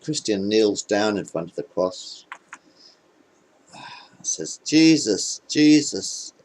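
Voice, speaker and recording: A man casually telling jokes into a webcam in a rambling, hesitant, deadpan way. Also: fairly low pitch, slow, slight background noise, rough recording. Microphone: webcam microphone.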